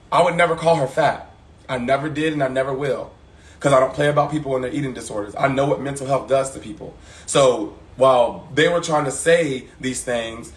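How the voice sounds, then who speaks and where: A young man speaks on a casual live stream from his phone. He tells his side frankly and with emphasis, in a voice of middle pitch. The room around him sounds echoey. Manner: frank and emphatic, retelling grievances.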